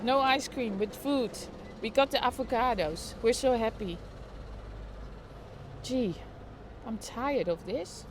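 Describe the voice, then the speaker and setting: A woman's voice: a little high, a little hiss or hum. A middle-aged woman chatting playfully on a live stream from home, recorded on her phone, with giggles and mock sports commentary. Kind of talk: casual live-stream chat. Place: at home in an apartment during lockdown. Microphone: phone held while filming.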